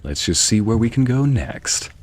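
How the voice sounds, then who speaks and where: A man giving wry, animated commentary while streaming a video game, often talking to himself. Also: fairly low pitch, normal speed, soft background music. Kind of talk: gameplay commentary.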